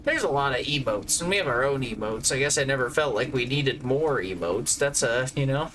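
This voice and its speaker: A man's voice: mid-range voice, lively intonation, brisk, a bit bright, poor audio. A man from Georgia with a Southern accent, chatting casually and jokingly with viewers on a live game stream. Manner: jokey, rambling, chats with viewers.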